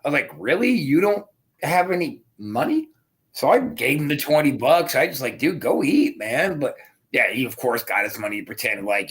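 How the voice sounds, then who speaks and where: A man's voice: mid-range voice, sing-song, moderate pace, fairly bright tone. A man hosting a podcast who speaks bluntly and swears while joking. He is a little under the weather. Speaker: podcast host. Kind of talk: casual chat.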